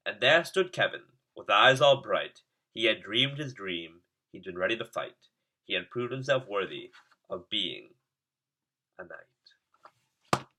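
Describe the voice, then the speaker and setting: A man reading a rhyming storybook aloud in a lively, sing-song way. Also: lowish voice, slow pace, pauses often, slight background noise. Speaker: storybook reader.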